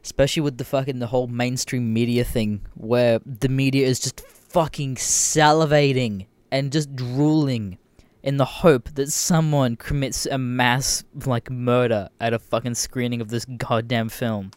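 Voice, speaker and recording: This podcast host is a young Australian man whose medium-pitched, clean voice moves at a measured pace over a dry recording. His casual rant is full of profanity, energy, and frequent laughter.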